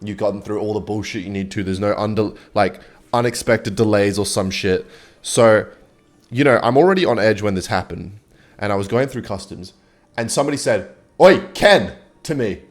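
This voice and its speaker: A man's voice: on the low side, a little fast. A young man giving casual, rambling gameplay commentary and swearing freely as he chats. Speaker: gaming video host.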